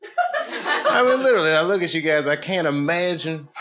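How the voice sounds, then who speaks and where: A man's voice: on the high side, sing-song, normal speed. A man doing stand-up crowd work on a comedy club stage, telling loose stories with lots of laughter and swearing. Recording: live club recording with crowd noise.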